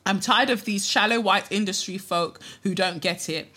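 A woman hosting a podcast, reading a listener's letter aloud with expressive delivery and dry asides. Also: mid-range voice, normal speed.

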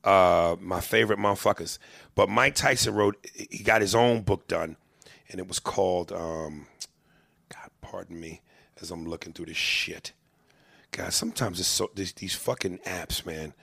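A man with a low, gravelly voice and a sharp, forceful edge, chatting casually about movies. He talks in an animated, profane way, stammers through restarts and acts out lines he quotes. The sound is close and dry. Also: unhurried, dry recording.

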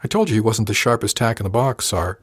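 A man voicing a smug, playful young female crew member in an audiobook, lifting his voice higher for her teasing lines. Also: expressive, fast, breathy edge, dry recording, studio quality.

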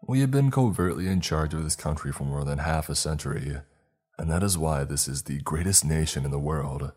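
A man reading the part of a proud, secretive male official who lectures in a smooth, self-assured way. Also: rumbling low, fairly quick, darkish tone. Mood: smug. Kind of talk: read-aloud dialogue in a horror story.

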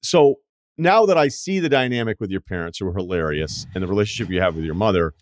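A man with a very low voice hosts a sports podcast and tells casual stories at a quick clip. His delivery is loose and chatty. The mic is close and dry. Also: expressive, no room sound. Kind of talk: casual interview chat.

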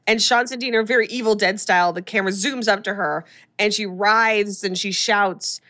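A woman hosting a casual podcast chat, retelling a horror movie plot with animated storytelling and acted-out lines. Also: mid-range voice, moderate pace. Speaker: podcast host recapping a film.

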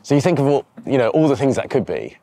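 A man's voice: mid-range voice, big pitch swings, fast, warm tone, slight background noise. A man, a TV presenter being interviewed outdoors by a river, talking candidly and reflectively with frequent restarts.

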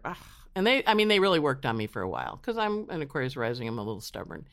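A man talks through his life story in a relaxed interview, his pitch leaping high and dropping low as he plays out the voices of friends and teachers. He sits at home, storytelling with lots of animation. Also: quick pace, creaky. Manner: animated, acts out quotes in lively voices. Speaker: astrologer guest. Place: home in New York.

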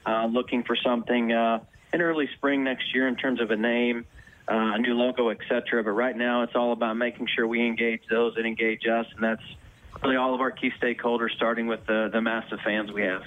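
A man who runs a football club, interviewed on the radio, answering in measured corporate phrasing. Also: medium pitch, level tone. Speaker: football club president, phone guest. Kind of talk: radio interview over the phone. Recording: tinny phone line.

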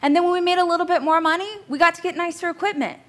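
Lady coach talking high and bubbly in a class, jokey and chatty, laughs at herself. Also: fairly even intonation, rapid-fire, a bit bright. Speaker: business coach. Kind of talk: casual coaching class talk.

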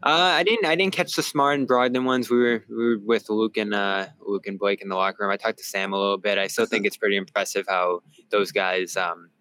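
A man's voice: on the low side, steady tone, brisk, few pauses, a bit bright, smooth, rough recording. A man, a sports reporter on a podcast, giving casual game analysis in a rambling way with many fillers and restarts, calling in remotely.

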